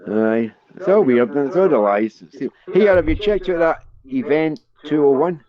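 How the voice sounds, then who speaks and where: A man's voice: fairly high pitch, lively intonation, moderate pace, highs cut off, a crowd in the background. Sweary Scottish man chatting. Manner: sweary, rambling joke-teller. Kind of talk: casual street chat.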